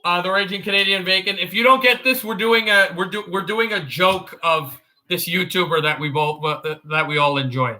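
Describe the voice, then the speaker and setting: A man hosting a casual hockey livestream who rambles, interrupts himself and breaks into shouted play-by-play calls. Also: sits high, moderate pace, hardly any pauses, echoey room. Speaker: livestream host. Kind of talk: casual hockey watch-along chat.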